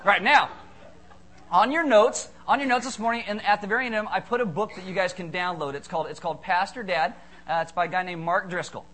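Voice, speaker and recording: A male pastor giving a jokey, animated sermon, acting out little voices as he tells his stories. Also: high-pitched, fairly quick. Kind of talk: humorous sermon.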